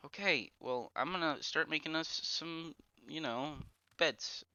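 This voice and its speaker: A young man streaming a survival game with a friend, excitable and swearing, shouting to his teammate. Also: fairly high pitch, a little slow. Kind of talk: casual gaming banter. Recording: dull lo-fi stream mic with faint noise.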